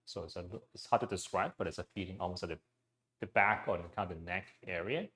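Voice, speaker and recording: A man leading a guided breathing exercise class into his own mic, speaking gently, with frequent "okay" and "um". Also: low-pitched, fast. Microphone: personal mic.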